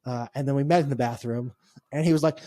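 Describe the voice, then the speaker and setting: A young American man co-hosts a podcast, telling a trip story in casual chat with a mid-range voice at a quick pace. He's an animated storyteller who laughs and restarts his sentences, full of fillers, and the studio sound is clean with no echo.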